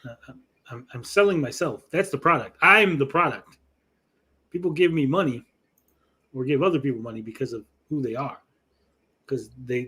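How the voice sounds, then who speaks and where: A man's voice: on the high side, fairly bright tone, breathy edge. A man hosting a casual livestream after-show, talking bluntly and profanely and checking in with "right?" all the time. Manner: blunt, profane, argumentative, asks "right?" often. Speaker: show host.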